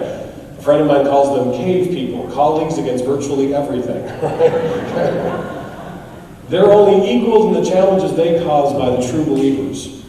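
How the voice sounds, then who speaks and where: A man from the United States giving a keynote speech, telling stories in an animated, emphatic way. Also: mid-range voice, slight background noise. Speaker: guest speaker. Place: large hall. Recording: echoey hall, distant mic, faint ambience.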